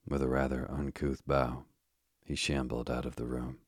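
A man reads a bedtime mystery in a calm, unhurried way. His voice is extremely low and husky, with a flat, steady melody. The recording is dry and close. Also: no echo. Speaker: narrator. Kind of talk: sleep story reading.

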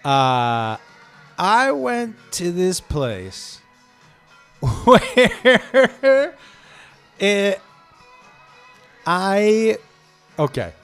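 A man with a fairly high voice tells a rambling comic story. He is animated and keeps breaking off into tangents and impressions. Soft music plays underneath. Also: drawn-out words, long pauses, smooth. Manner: animated, jumping into digressions and voices.

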